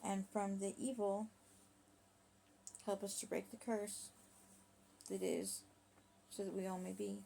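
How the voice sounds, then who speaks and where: A woman voicing her husband's remorseful, halting prayer in a rhyming story. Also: mid-range voice, level tone, vocal fry, dark tone, slight background noise, pitched above the performer's own voice. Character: husband praying, sincere and remorseful.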